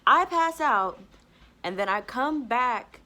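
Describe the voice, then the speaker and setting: A woman's voice: high voice, expressive, takes it slowly, pushed and bright. A woman podcaster telling a personal story to camera in casual chat. She rambles with many "like" fillers and acts out what she said back then. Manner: rambling retelling, full of "like" fillers; acts out her own past words.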